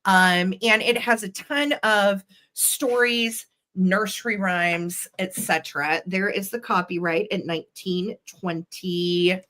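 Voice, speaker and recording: A woman's voice: mid-range voice, fairly even intonation, slow pace, few pauses, bright, forceful tone. A woman hosting a live online vintage sale, talking in a chatty, enthusiastic way with plenty of ums as she shows items. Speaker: host and vintage seller. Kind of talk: live online sales show.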